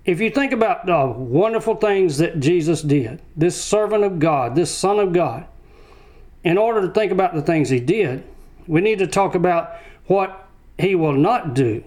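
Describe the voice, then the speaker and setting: High-voiced man preaching a sermon. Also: expressive, moderate pace, a little mellow. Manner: emphatic repetition of short phrases.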